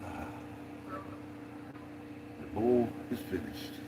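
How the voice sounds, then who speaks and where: Guy chatting slow and easy, voice bouncing all over, lots of noise and vehicle hum behind. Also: on the low side, animated. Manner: laid-back, swears freely, laughs often. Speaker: vlogger traveling with dogs. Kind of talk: casual chat.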